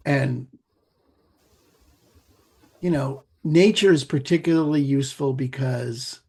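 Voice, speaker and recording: A middle-aged man, a meditation teacher and podcast guest, explaining in a relaxed conversational way with playful asides. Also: medium pitch, slow pace. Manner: gravelly, husky, animated with playful asides.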